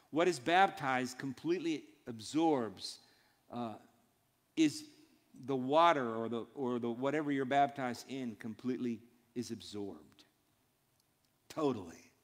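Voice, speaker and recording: A man preaching a sermon in a church, emphatic and built on short repeated phrases. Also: medium pitch. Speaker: pastor. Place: church sanctuary. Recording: long hall reverb.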